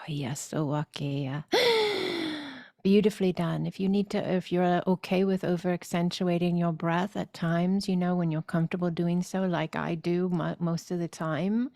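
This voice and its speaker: A woman leading a spiritual course, speaking deliberately and soothingly with loud gasping inhales and repeated phrases. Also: fairly low pitch, flat delivery, creaky, no room sound. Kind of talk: slow guided spiritual teaching.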